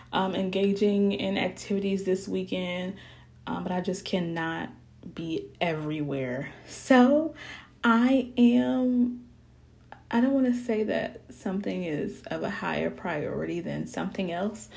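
A woman's voice: medium pitch, creaky, darkish tone. A woman in her thirties talking candidly to her viewers, chatty and open, calling them "y'all" and "honey" and laughing now and then. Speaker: vlogger. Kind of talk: candid personal talk to viewers.

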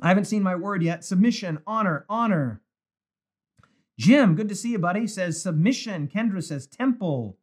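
A man's voice: sits high, expressive, normal speed, husky. A male pastor leading a live-streamed Bible study, reading viewers' comments aloud with enthusiasm.

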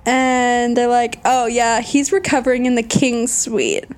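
A young woman casually retelling a book plot to a friend, animated, with many fillers. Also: a little high, a little slow. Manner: animated storytelling with many likes. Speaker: book recapper. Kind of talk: casual chat.

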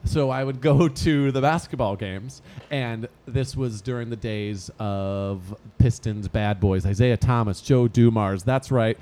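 A man's voice: medium pitch, a little slow, few pauses, dark tone. A man from the Detroit suburbs co-hosting a podcast, telling stories playfully in casual chat. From Detroit suburbs, USA. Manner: playful, storytelling, bursts into announcer and singing voices. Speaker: podcast co-host.

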